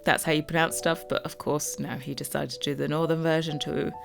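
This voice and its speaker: Londoner woman, lowish voice, casual rambling chat to viewers, soft music underneath. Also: flat delivery, fairly quick, gravelly. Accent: London English. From London, England. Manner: chatty and rambling, lots of fillers, self-teasing. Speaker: Sims builder and YouTuber.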